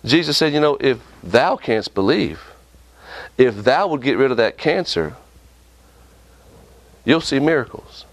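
A man preaching a sermon with impassioned delivery, often jumping up and down in pitch for emphasis. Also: animated, measured pace, vocal fry, pauses often, no room sound.

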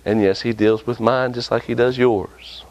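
A man preaching a sermon with impassioned delivery, often jumping up and down in pitch for emphasis. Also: steady tone, normal speed, darkish tone.

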